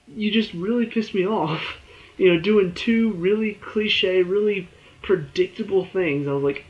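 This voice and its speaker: Young guy rambling about a tv show, gets all worked up, kinda high voice, muffled lo-fi sound. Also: unhurried. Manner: excitable, rambling with many fillers. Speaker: TV show reviewer. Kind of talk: casual spoken review.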